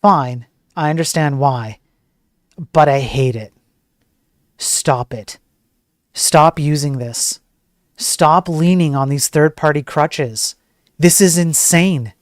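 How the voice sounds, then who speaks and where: Blunt ranting tech news host. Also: male voice, fairly high pitch, no echo, clean studio sound. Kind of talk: casual live-stream commentary.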